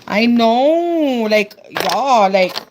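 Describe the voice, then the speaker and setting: A woman's voice: a little high, lively intonation, very slow, noisy background. A young woman with a Texan accent chatting casually on a live stream, reading viewer comments aloud and calling everyone "girl". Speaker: livestreamer.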